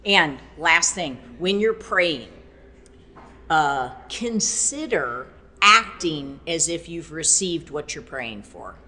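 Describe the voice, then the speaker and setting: Lowish-voiced woman trainer rambling about faith and health, lots of fillers, acts out what people say. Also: slow. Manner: animated, acts out quoted speech; loose rambling phrasing with many fillers. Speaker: fitness trainer. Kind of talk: casual faith-based podcast talk.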